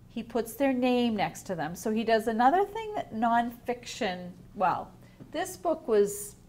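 Woman teacher, storybook lesson for little kids; gentle, questioning, takes her time. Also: fairly high pitch. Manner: gentle, explaining, asks the children questions. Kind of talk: reading a picture book aloud to young children.

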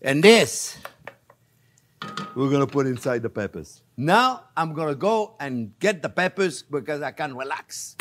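A man's voice: on the high side, very animated, a little slow, fairly bright tone. An older man hosting a cooking show, chatting and joking with his viewers as he demonstrates a recipe in a kitchen. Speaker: chef and cooking show host. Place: home kitchen.

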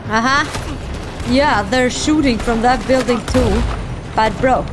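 A woman streaming a video game, reacting in an excitable way, laughing, swearing and calling viewers bro. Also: a little high, slow pace, noisy background. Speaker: gaming streamer. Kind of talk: live game reaction commentary. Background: game music.

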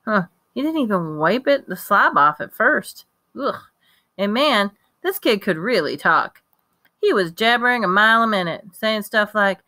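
A woman reading a children's novel aloud as a first-person narrator, lively and conversational. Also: mid-range voice, normal speed, dry recording. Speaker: audiobook reader.

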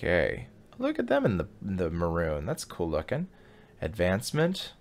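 Low-voiced man playing a game. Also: huge pitch swings, normal speed. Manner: chatty, reacts aloud and sings snatches of songs. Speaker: gaming video host. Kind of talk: casual let's play commentary, reading game text aloud.

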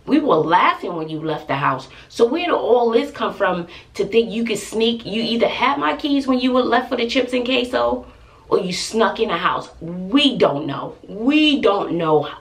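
A woman's voice: fairly high pitch, distant mic. A woman in her forties with a Texan accent, a family vlogger venting to her viewers in an emphatic, exasperated storytelling way. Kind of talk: venting to camera.

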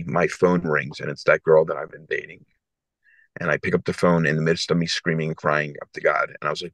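A man in his forties from South Philadelphia, a podcast guest telling an emotional personal story in an earnest, halting way with many restarts. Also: very deep voice, fairly even intonation, a bit bright, no room sound. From South Philadelphia, USA. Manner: earnest, halting, repeats himself.

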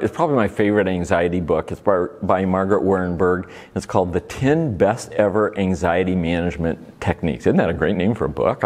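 Deep-voiced middle-aged guy from oregon, folksy and jokey, talking to a crowd about faith. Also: darkish tone. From Oregon, USA. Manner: folksy, playful storytelling with homey asides. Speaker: speaker at a faith-based recovery ministry event. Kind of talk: talk to a live audience.

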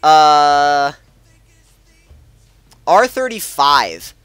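A man giving rambling, casual let's-play commentary as a gaming channel host, chuckling between thoughts and breaking into sudden excited outbursts. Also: a little high, drawn-out words, smooth, dry recording, faint music behind.

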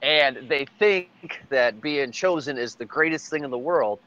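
A man hosting a casual podcast chat, talking excitedly, swearing freely and laughing often. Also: mid-range voice, measured pace, muffled recording. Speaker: podcast host.

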